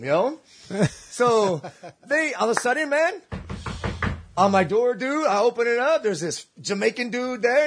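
A man spins a rowdy anecdote among friends, his pitch leaping up and down as he acts out each voice. His tone is a little husky and pitched fairly high. He talks loosely and swears freely. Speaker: storyteller. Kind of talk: casual storytelling among friends.

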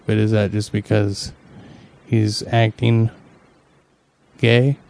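Smooth, mellow-voiced man musing. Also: lowish voice, level tone, takes it slowly. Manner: musing, questioning, wry. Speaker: podcast co-host. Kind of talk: casual chat.

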